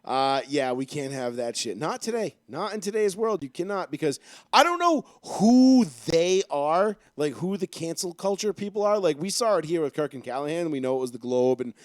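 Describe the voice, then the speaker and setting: A man's voice: on the high side, very animated, moderate pace, no echo, studio quality. A young man co-hosting a sports podcast, ranting bluntly and profanely in casual chat. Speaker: podcast co-host.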